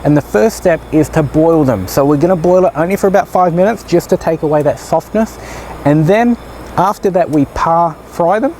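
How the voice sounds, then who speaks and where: A man's voice: fairly high pitch, moderate pace, a little mellow, a little hiss or hum, low-quality recording. Chatty joking man hosting a cooking show. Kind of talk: casual cooking tutorial. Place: outdoors by a barbecue.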